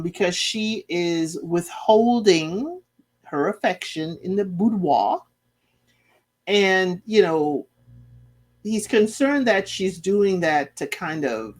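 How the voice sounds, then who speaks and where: A middle-aged woman hosting a casual TV recap, sassy and chatty, laughing often and talking back to the people on screen. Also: medium pitch. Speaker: recap channel host.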